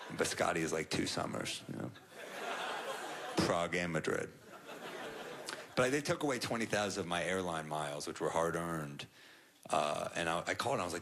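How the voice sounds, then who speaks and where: A man's voice: deep voice, brisk, noisy background. A young man performing a stand-up set on a club stage, telling stories in a dry, self-deprecating way. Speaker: stand-up comedian. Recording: live club set with crowd laughter. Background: audience laughter.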